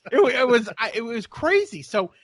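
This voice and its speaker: A man's voice: very high-pitched, sing-song, a little fast, no room sound. A man co-hosting a podcast, telling a long rambling story in casual chat and acting out the people in it. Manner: rambling storyteller, acts out voices, laughs often. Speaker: podcast co-host.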